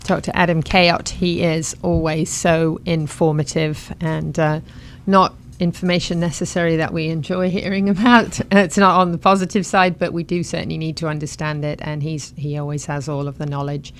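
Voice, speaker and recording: A woman's voice: deep voice, level tone, normal speed, slight background noise. Chatty woman talk show host. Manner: chatty, enthusiastic. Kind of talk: casual show hosting and sponsor reads.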